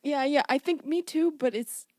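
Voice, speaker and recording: A woman's voice: high voice, moderate pace, dark tone, dry recording. Woman podcast co-host, giggly rambling storyteller, dry close-miked sound. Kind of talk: casual chat.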